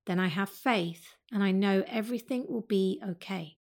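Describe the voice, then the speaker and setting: A woman teaching yoga, speaking slowly and calmly as she guides a breath meditation. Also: mid-range voice. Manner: slow, calm and soothing.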